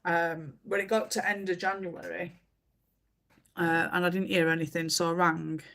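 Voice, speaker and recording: A woman's voice: on the low side, little pitch movement, moderate pace, fairly bright tone. A woman, chatting casually on a livestream and telling stories with many fillers. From England. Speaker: livestream host. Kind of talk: casual chat while colouring.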